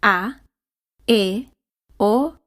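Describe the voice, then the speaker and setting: A woman says single words one at a time as clear pronunciation examples. She takes her time, shaping each sound deliberately. The recording is dry and close. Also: medium pitch, a bit bright, dry recording. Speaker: pronunciation model speaker.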